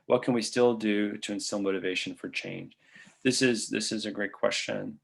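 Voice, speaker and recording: A man's voice: fairly low pitch, fairly even intonation, moderate pace, creaky, husky. A male physician presenter answering audience questions in an online lecture, talking casually and thinking aloud with frequent fillers.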